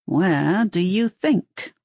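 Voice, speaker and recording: A woman's voice: on the low side, animated, very slow, a little mellow, no room sound, heavily acted. A woman voicing a cheerful male werewolf family man who rambles on about his kids. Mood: chatty.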